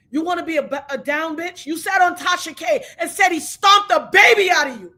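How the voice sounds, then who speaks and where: A woman giving an angry, tearful commentary rant, shouting, cursing and praying aloud in between. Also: extremely high pitch, normal speed. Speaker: commentary vlogger.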